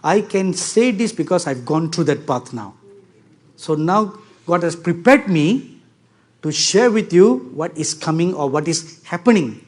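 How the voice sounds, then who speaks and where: A man's voice: a little high, animated, measured pace. A man preaching a sermon to a congregation, stressing his points by repeating key words and asking the audience for agreement.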